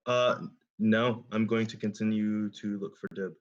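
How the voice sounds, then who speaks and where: A man playing a tabletop game, speaking in first person as his character, calm and firm. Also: fairly low pitch, measured pace. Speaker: player. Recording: dull lo-fi sound.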